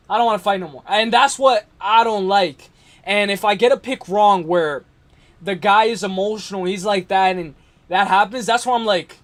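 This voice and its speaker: High-voiced man rambling about fights. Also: normal speed. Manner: rambling, slangy, repeats himself, addresses chat directly. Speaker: MMA livestream host. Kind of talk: casual fight-talk livestream.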